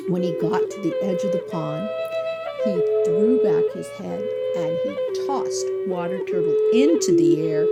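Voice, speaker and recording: A woman from Southern California telling traditional animal tales in a slow, expressive oral storytelling style. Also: mid-range voice. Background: soft instrumental music.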